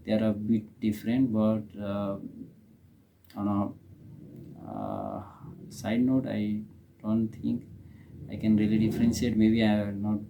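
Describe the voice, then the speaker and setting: A man's voice: lowish voice, animated, takes it slowly, creaky, long pauses, highs cut off, a little hiss or hum. A young man from Nepal with a Nepali accent, hosting a reaction video in casual, hesitant commentary full of fillers and restarts.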